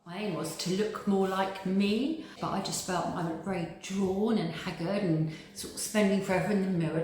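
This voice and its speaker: Woman, echoey chatty testimonial. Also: lowish voice. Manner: earnest, chatty, full of repeats like "very, very". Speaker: patient giving a testimonial. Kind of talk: casual interview testimonial. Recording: very echoey room with faint noise.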